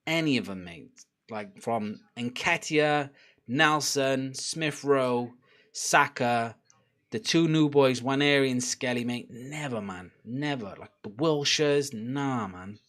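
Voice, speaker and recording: Speaking slowly in a medium-pitched, slightly bright voice, a young streamer hosts a football watchalong. His live reaction is laid-back and talkative, full of laughter, swearing and encouragement for the players.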